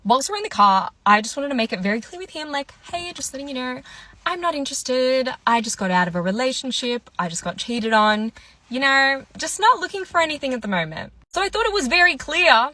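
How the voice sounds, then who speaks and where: A woman's voice: high voice, sing-song, a little fast, bright, forceful tone, no echo. A young woman in her twenties, casually telling a dating story and acting out what each person said. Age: 20s. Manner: chatty, quotes people in their voices. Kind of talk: casual story time monologue.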